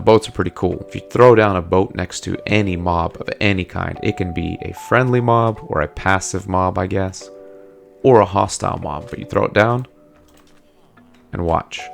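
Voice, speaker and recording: Deep guy with a super gravelly voice doing chill gameplay commentary, chats at the game characters, soft music behind. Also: normal speed. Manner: chatty, talks to game characters. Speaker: let's play host. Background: faint background music.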